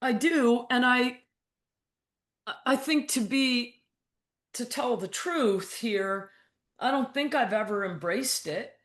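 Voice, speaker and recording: A woman's voice: a little high, slow, long pauses, fairly bright tone, echoey room. A woman guest coach speaking frankly and bluntly in a casual interview, acting out her own thoughts in quotes and swearing now and then. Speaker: guest, mental toughness coach.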